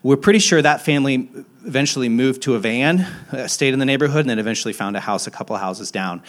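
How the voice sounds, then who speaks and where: This young pastor talks fast while preaching, telling frank, self-effacing stories. He restarts frequently and alternates emphatic climbs with quiet, low-pitched asides.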